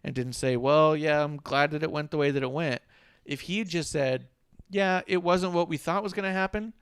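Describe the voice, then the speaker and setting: A man's voice: a little high, moderate pace, a bit bright, smooth, dry recording. A man co-hosting a casual wrestling talk show, ranting with sarcasm and swearing freely. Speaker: podcast co-host.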